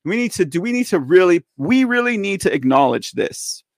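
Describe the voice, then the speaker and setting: Brief: forties male host, sarcastic off-the-cuff commentary, high lively voice, dry close sound. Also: a little fast, vocal fry, no room sound. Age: 40s. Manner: animated, sarcastic, laughing asides and rhetorical questions. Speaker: host of a political commentary show.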